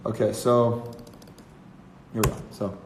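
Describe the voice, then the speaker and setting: A male musician writing a song on a livestream. He mutters his ideas softly, letting phrases trail off, then sings trial lines. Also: on the low side, level tone, takes it slowly, roomy sound, noisy background. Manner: soft, trailing speech between sung phrases. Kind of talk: songwriting livestream, thinking aloud.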